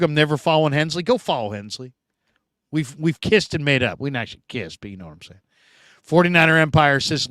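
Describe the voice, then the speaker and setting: A man hosting a sports show, chatting casually and reading viewer comments, animated and talkative with loud bursts and quiet asides. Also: a little high, clear, resonant tone, no echo. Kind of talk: casual live-stream chat reading comments.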